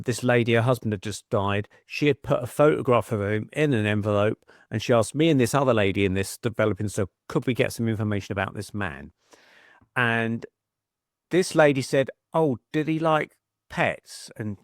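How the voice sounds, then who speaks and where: A man's voice: mid-range voice, no room sound, studio quality. A middle-aged man, a podcast guest telling chatty anecdotes and acting out quoted voices. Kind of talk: casual storytelling.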